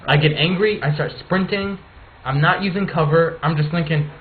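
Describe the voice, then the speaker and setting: A man's voice: fairly high pitch, normal speed. A man hosting a casual chat, steering the talk and telling stories with animation. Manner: leads the talk, animated storytelling. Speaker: podcast host. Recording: tinny phone-like line with faint noise.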